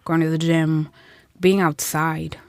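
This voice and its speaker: Podcast co-host, woman, lowish voice, thoughtful and hesitant delivery, dry close mic. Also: flat delivery, slow pace, a little mellow, dry recording. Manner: thoughtful, hesitant, with many fillers. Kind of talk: casual chat.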